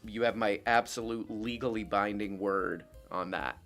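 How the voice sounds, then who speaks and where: A man's voice: lowish voice, normal speed, fairly bright tone, faint music behind. Joking man hosting a call-in show. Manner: joking, laughs often. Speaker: host of a call-in live show. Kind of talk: casual chat with callers.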